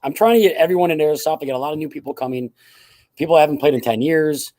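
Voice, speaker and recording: A man's voice: fairly high pitch, fast, mellow, no echo. A man, a guest who owns a playing field, explaining things in an offhand, rambling way on a casual podcast. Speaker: guest, airsoft field owner.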